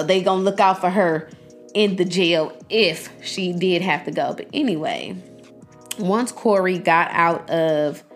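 A young woman giving a casual, emphatic reaction to a series, blunt and profane, laughing often and jumping between points. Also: mid-range voice.

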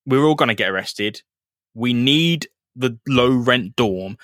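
A man's voice: medium pitch, lively intonation, a little slow, fairly bright tone, no echo. A man reading an earnest young woman at a protest, pleading and sweary, in close to his own voice. The stays plain, and the sound is dry and close-miked. It comes across as a casual comic read-through.

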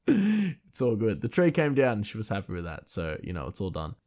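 A young man with a lowish voice tells a loose, chatty anecdote. He wanders off on tangents, stacks up fillers, and breaks into laughter often. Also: huge pitch swings, normal speed, a little mellow. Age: young adult. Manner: rambling, laughs a lot, many fillers. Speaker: storyteller. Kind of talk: casual anecdote.

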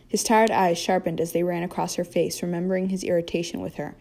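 Low-voiced woman reading fiction aloud. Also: fairly quick, few pauses. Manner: steady reading with occasional slips and restarts. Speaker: fanfiction reader.

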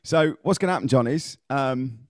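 A man's voice: medium pitch, moderate pace, heavy background noise. A man hosting a podcast in casual, jokey chat and steering an improv game. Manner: jokey, loose, swears for laughs. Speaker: podcast host.

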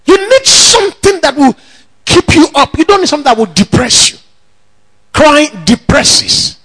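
A man preaching a sermon in a church, shouting bold declarations between slower, emphatic teaching. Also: very high voice, big pitch swings, breathy edge, poor audio. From Nigeria. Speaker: pastor.

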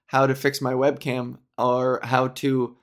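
A man's voice: mid-range voice, completely flat delivery, slow pace. A man on a comic rant, exasperated and profane, often laughing. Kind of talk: comedic rant.

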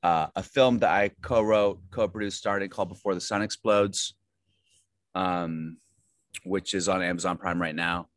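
A man's voice: low voice, steady tone, moderate pace, no echo. A man, an actor, telling rambling self-deprecating stories in a casual interview, with many fillers and restarts. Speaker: actor guest.

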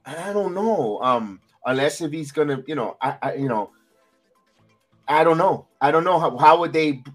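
A man hosting a wrestling recap podcast in casual chat, animated and repeating himself for emphasis. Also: a little high, moderate pace, faint music behind. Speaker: podcast host.

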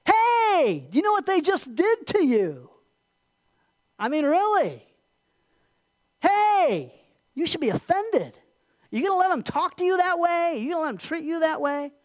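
A preacher putting on a goading, high-pitched Satan. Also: big pitch swings, unhurried, long pauses, exaggerated voice. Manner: jeering, provoking questions, repeated "hey". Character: taunting tempter voice of Satan, needling and goading. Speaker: pastor.

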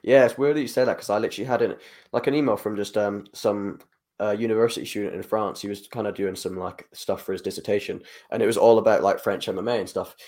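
An MMA journalist chats casually on a podcast about covering fights, rambling with plenty of fillers like "like" and "you know." He talks fast with a fairly low, fairly even voice and a darkish tone.

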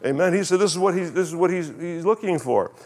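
A pastor preaches a conversational sermon to his congregation, reading scripture slowly and putting questions to the people. His voice sits high with a darkish tone, and he's animated.

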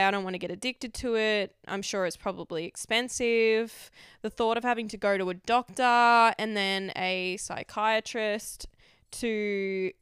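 Young woman, frank confessional vlog, smooth resonant tone, dry close sound, swears freely. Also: medium pitch, no room sound. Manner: frank, rambling, heavy swearing. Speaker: vlogger. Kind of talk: candid confessional monologue.

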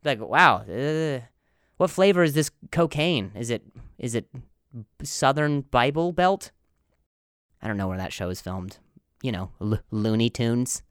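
A man's voice: medium pitch, animated, a little slow, pauses often, fairly bright tone, clean tone, no echo, clean studio sound. A man hosting a comedy podcast with a strong stutter, repeating words and blocking on sounds, self-deprecating and rambling. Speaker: podcast host.

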